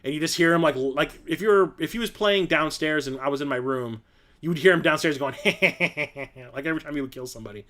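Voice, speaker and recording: Talking fast in a slightly high voice, this young man runs a relaxed live-stream chat. His stories wander, laughter comes frequently, and he performs quoted lines at full volume.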